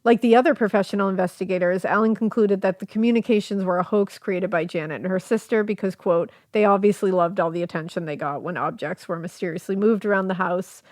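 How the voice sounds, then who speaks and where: A woman's voice: medium pitch, steady tone, fast talker, few pauses, a little mellow, no room sound, clean studio sound. Chatty woman podcast host. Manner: reads quotes, laughs easily, chatty with fillers. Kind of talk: casual storytelling podcast chat.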